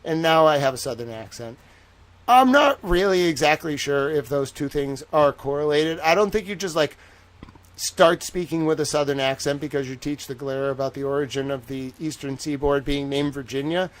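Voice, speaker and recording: A man with a fairly high voice rambles through a casual livestream. He jokes and mocks himself as he goes, talking loose and off the cuff. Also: normal speed. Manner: joking, rambling, self-mocking. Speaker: livestream host.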